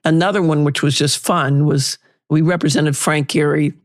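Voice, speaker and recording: An older woman, a litigation lawyer and interview guest, telling lively anecdotes and acting out past exchanges. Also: deep voice, moderate pace. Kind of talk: storytelling in an interview.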